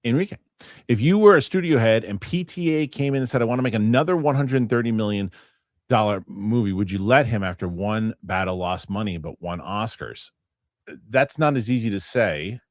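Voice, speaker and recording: A man's voice: fairly low pitch, expressive, moderate pace, no echo, studio quality. A middle-aged man hosting a casual chat show, rambling with restarts and acting out other people's lines. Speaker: host.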